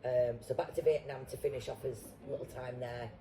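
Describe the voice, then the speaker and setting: A middle-aged Yorkshire woman chatting as a guest, blunt and salty-tongued. Her voice is very dark and mellow, and a faint hiss sits under the recording. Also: rumbling low, fairly even intonation, brisk, rough recording. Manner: blunt, swearing, storytelling. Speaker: guest actor. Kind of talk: casual chat.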